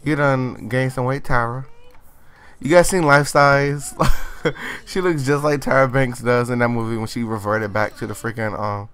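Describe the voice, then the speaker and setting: A teenage guy hosting his own gaming channel, talking through a life-sim session in a sassy, chatty way. His voice sits at an ordinary mid pitch, and he tosses out playful exclamations between his running commentary. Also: steady tone, normal speed, few pauses, fairly bright tone, clean tone. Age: late teens. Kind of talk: let's play commentary.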